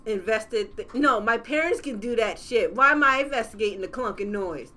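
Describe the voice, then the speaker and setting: A young woman playing a horror game and reacting out loud, profane and jokey as she goes. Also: a little high, lively intonation, normal speed. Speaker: gaming channel host.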